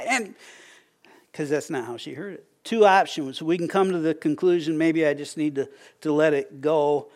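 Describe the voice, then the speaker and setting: A man's voice: on the high side, moderate pace. Stammering man preaching a folksy sermon. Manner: folksy storytelling with frequent stammered restarts. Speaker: pastor.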